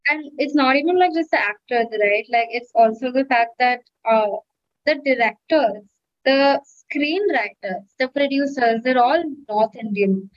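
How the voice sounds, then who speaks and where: A woman's voice: high voice, a little slow. A woman co-hosting a casual podcast, earnestly laying out points with many fillers. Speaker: podcast co-host. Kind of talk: casual chat. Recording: dull, lo-fi recording.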